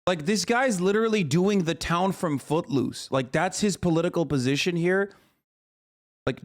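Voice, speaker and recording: Man with a slightly high voice, for an incredulous live-stream reaction host who swears freely. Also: animated, moderate pace.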